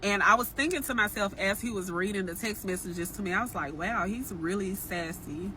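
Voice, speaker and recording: A woman's voice: mid-range voice, fast, background noise. A young woman telling a personal dating story to her viewers in a casual, frank, chatty way. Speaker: storytime vlogger.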